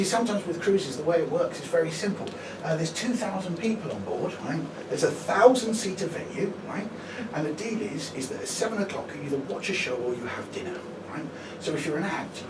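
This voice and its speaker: A male stand-up comedian from Brighton, England, telling a chatty story and keeping checking in with the crowd with "right?". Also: a little high, noisy background. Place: small fringe comedy venue, indoors. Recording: echoey venue, distant, audience laughter. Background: audience laughing.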